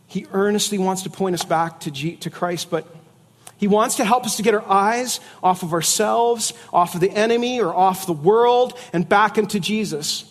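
High-voiced man preaching a sermon. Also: moderate pace, in a large hall. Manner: conversational preaching with jokes and asides. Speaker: pastor.

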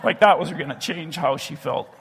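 A male pastor preaches a sermon earnestly, slowing and dropping his voice on key phrases. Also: a little high, creaky, long reverb tail, slight background noise. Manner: earnest, slows and drops to a hush on key phrases. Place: church sanctuary.

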